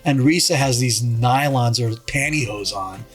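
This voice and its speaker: A man in a middle pitch chats casually as a podcast guest. He rambles through a story, restarts sentences, and acts out what other people said. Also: measured pace, faint music behind.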